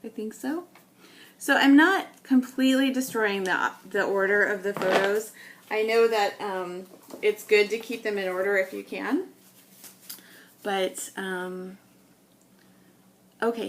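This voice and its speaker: A woman from New England who makes scrapbooking videos, talking casually and thinking aloud as she sorts old photos. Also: mid-range voice. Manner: thinking aloud, unhurried, with many ums. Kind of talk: casual talk while sorting photos.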